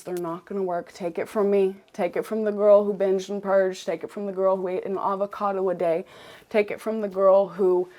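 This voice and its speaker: An earnest young woman speaks straight to her viewers in a personal vlog, her voice at an ordinary middle pitch. She leans on key words and repeats phrases for emphasis as she speaks. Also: darkish tone. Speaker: vlogger.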